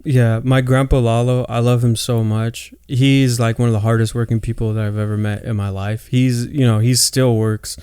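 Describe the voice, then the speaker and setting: A man in his late twenties chats on a podcast, wandering through family stories and cursing casually. His voice is smooth and resonant. The sound is dry and close to the mic. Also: medium pitch, level tone, moderate pace, few pauses, mellow, no room sound. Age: 20s. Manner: loose storytelling, swears freely. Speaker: podcast co-host. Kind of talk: casual chat.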